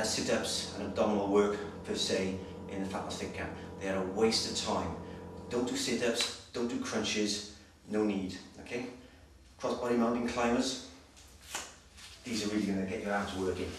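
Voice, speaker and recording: Recorded from a distance in a very echoey, noisy hall, a slightly breathless fitness coach from Wales instructs through an exercise demonstration. He's male, medium-pitched, and keeps things brisk and direct, frequently checking in with "okay?"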